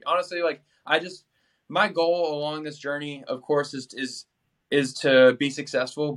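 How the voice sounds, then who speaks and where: Chatty energetic young man. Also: on the high side. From New England, USA. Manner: energetic, chatty, many fillers and restarts. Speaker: podcast guest. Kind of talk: casual interview talk.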